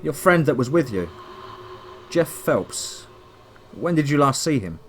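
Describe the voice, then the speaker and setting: A man voicing an older male forest service official who speaks with a Texan twang in a calm, questioning way. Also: medium pitch, unhurried, slight background noise. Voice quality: country twang.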